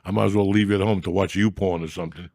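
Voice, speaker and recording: A man's voice: deep voice, fairly even intonation, racing, warm tone, no room sound, clean studio sound. A man hosting a comedy podcast, telling profane, rambling stories in crude casual banter.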